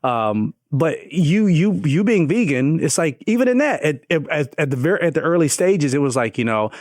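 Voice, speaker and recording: A man's voice: on the high side, animated, normal speed, hardly any pauses, a little mellow, no echo, studio quality. Een man die als co-host van een podcast ontspannen praat, grapt en tussendoor reageert. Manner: joking, laid-back interjections. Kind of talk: casual banter.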